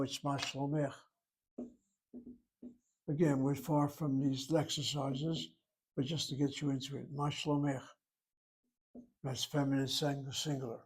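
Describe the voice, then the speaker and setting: A man teaching a Hebrew grammar lesson, sounding out words slowly and repeating them for his students. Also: medium pitch, slightly rough, rough recording.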